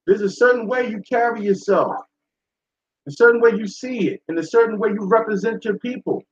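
A man's voice: high voice, fairly quick. A man hosting a talk show, delivering a blunt, profane, preachy monologue to his listeners. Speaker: show host. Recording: echoey room, dull sound.

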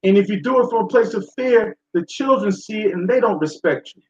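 Expressive and fairly quick, a man with a high voice runs a talk show monologue that is preachy, blunt and profane, aimed at his listeners. It was captured in an echoey room with a dull tone.

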